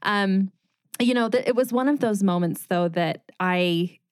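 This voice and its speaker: A middle-aged woman talks through her own story as an interview guest. She lively acts out what others said to her. Her voice sits at an ordinary pitch and sounds dry and close, with no room around it. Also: a little slow, smooth, no echo. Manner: animated retelling with quoted dialogue and laughs. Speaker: guest, former news reporter turned designer.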